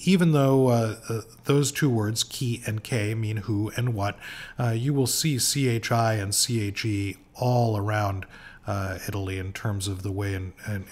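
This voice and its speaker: A man with a slightly low voice leads an informal pronunciation lesson. He talks slowly and patiently, pausing on fillers and saying each word twice so it can be copied. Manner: slow and patient, frequent uh fillers, repeats words for practice. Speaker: language teacher.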